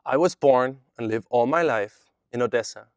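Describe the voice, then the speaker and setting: A man reading aloud the lines of a chatbot that poses as a Jewish boy from Odessa, in a flat, evenly read delivery. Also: mid-range voice, normal speed, no echo, studio quality, close to an everyday voice. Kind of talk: reading a chat transcript aloud.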